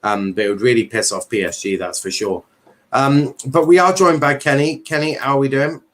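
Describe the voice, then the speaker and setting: A man's voice: mid-range voice, fairly quick. A man hosting a casual football chat stream, talking in a rambling way with many fillers and restarts. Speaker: livestream host.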